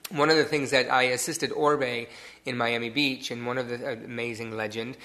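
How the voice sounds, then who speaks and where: A man's voice: mid-range voice, little pitch movement, moderate pace, pushed and bright. A man from Detroit, a hairstylist, telling his story in a casual interview and acting out the people he quotes. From Detroit area, USA. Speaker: hairstylist guest.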